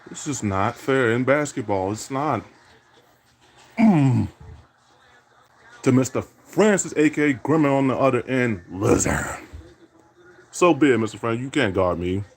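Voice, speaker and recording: A man playing a basketball video game narrates each play and trash-talks his rival, returning again and again to catchphrases such as "indeed." His medium-pitched voice is animated yet unhurried, broken by frequent pauses.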